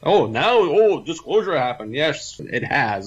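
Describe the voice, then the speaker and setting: A man's voice: on the high side, very animated, unhurried, breathy edge, highs cut off. A Canadian man co-hosting a radio talk show, explaining in a matter-of-fact way. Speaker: healer and show co-host. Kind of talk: casual radio chat.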